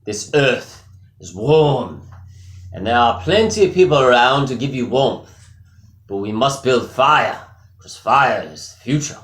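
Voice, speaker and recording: A man's voice: medium pitch, expressive, a bit bright. A man doing a grandiose Viking god. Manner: slow, declaiming, demanding. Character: grand self-proclaimed Viking god, adult male. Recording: echoey room.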